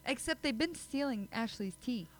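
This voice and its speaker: In poor audio, a female podcast co-host talks at normal speed with a fairly high pitch and lively intonation. The chat is casual, and she giggles a lot, rambles on chattily and jokes at her own expense.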